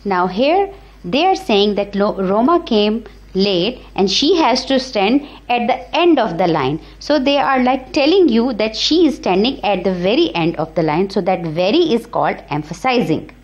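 A woman teacher giving a grammar lecture, explaining each example slowly and repeating it. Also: mid-range voice, big pitch swings. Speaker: English teacher. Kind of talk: recorded classroom grammar lecture. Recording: slightly dull lo-fi recording.

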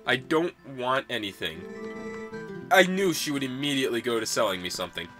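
A man's voice: mid-range voice, big pitch swings, brisk, sharp tone, faint music behind. A young man casually commenting on a video game in a playful, rambling way. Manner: playful, rambling, chuckling asides. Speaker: let's-play gamer.

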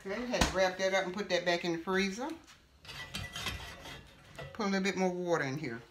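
A woman's voice: lowish voice, brisk, noisy background. Chatty woman cooking at home. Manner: relaxed, chatty, with frequent fillers and self-corrections. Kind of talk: casual cooking tutorial. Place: home kitchen.

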